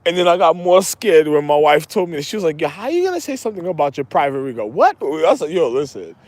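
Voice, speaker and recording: Erratic, repetitive man, lively pitch. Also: fast. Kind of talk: rambling monologue to camera.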